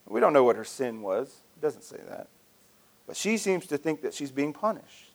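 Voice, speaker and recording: A male pastor preaching a sermon in a conversational, storytelling way with frequent restarts. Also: fairly high pitch.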